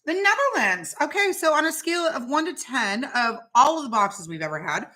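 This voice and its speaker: A woman's voice: high-pitched, big pitch swings, fairly quick, sharp tone, poor audio. A woman hosting a casual home vlog, chatting while she taste-tests snacks and exclaims over the food. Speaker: vlog host.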